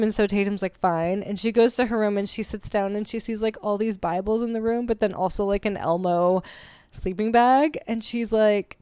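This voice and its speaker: A woman's voice: mid-range voice, expressive, fairly quick, a little mellow, clear, resonant tone, no room sound. A woman co-hosting a casual book club podcast, chatty and laughing often as she acts out quotes. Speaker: podcast co-host.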